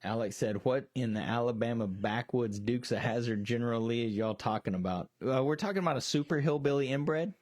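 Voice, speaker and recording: A man's voice: mid-range voice, brisk, few pauses, a little mellow. A man co-hosting a casual movie discussion, retelling scenes with lots of swearing and quoted voices. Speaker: podcast co-host.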